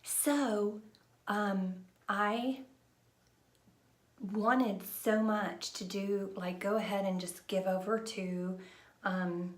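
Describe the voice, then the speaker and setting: A middle-aged woman vlogging at home on a handheld phone, talking in a hushed, partly whispered ramble full of fillers. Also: mid-range voice, steady tone, extremely slow, reverberant. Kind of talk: casual chat to camera. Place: home, indoors. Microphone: handheld phone camera.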